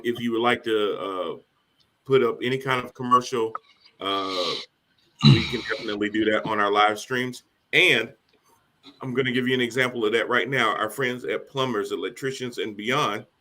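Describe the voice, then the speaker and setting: A man hosting a live streamed talk show, energetic and casual, cracking jokes as he welcomes his panel. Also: medium pitch.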